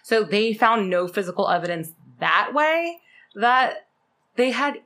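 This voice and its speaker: A woman's voice: medium pitch, big pitch swings, measured pace, a bit bright. A young woman co-hosting a podcast, telling a true-crime story in a chatty, casual way, full of fillers and the odd swear word. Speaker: podcast co-host.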